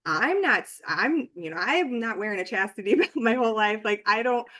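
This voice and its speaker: A woman's voice: on the high side, expressive, a little fast, bright, forceful tone. A woman author in a casual podcast conversation, talking in a rambling way with many restarts and fillers.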